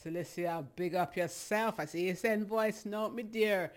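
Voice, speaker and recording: A woman's voice: mid-range voice, unhurried. A young Jamaican woman hosts a casual live stream and sounds a little out of breath. She is chatty and affectionate, greeting viewers by name and laughing easily. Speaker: live-stream gospel show host.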